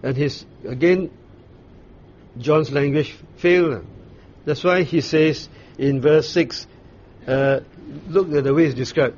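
Unhurried man teaching Bible study, lo-fi. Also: on the high side, darkish tone, slightly rough. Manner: unhurried explaining with frequent fillers and restarts. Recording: dull lo-fi recording with faint noise.

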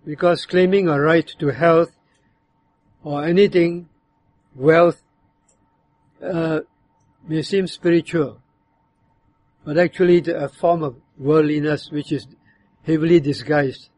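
A man preaching, his voice sitting a little higher than most men's. He explains scripture in a measured, teaching way, now and then acting out how a verse could sound. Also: steady tone, a little mellow. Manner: measured, explanatory, acts out bitter and demanding tones when quoting. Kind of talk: sermon on a psalm.

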